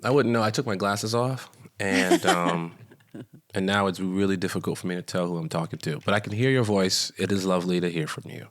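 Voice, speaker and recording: Low-voiced man teasing his co-host. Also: a little fast. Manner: teasing, playful, laughs often. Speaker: podcast co-host. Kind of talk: casual chat.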